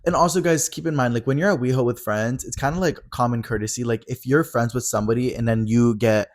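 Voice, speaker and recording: Fast-talking young man telling a story. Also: mid-range voice. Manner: fast, animated retelling with lots of "like". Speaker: podcast co-host. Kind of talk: casual storytelling chat.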